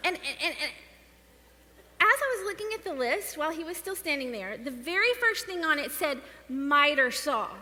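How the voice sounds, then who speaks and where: Woman, animated church storyteller; bright, sharp, high voice; faint hiss. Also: moderate pace. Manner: animated, laughing storyteller acting out dialogue. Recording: reverberant hall with faint noise.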